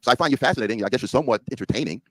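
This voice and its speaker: Calm dismissive man in his sixties. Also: mid-range voice, no echo, rough recording. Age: 60s. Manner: calm, dismissive, measured replies. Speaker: panel speaker. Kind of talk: online panel debate.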